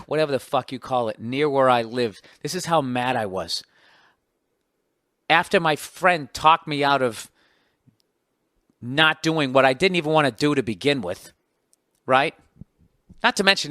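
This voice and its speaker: A man in his forties with a Boston accent tells a story in an exasperated, profane rant, his voice pitched slightly high. He keeps jumping into loud outbursts. The recording is close and completely dry. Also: dry recording. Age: 40s. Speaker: podcast host. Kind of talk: ranting comic monologue.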